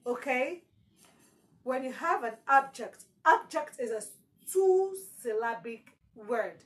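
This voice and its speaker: A woman's voice: on the high side, fairly bright tone, poor audio. A woman teaching exam prep, repeating key words with strong emphasis. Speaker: English teacher.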